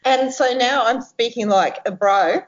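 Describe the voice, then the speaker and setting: A middle-aged woman, animated and exclamatory in a casual chat. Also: on the high side, a little slow. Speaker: podcast co-host. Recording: dull lo-fi sound.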